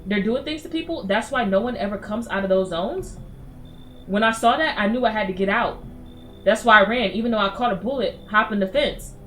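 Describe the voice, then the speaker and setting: A woman's voice: mid-range voice, fairly quick, a bit bright, soft background music, lightly acted. A woman voicing a wounded man who fled after being shot, scared, bitter and urgent. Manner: pained, urgent and conspiratorial.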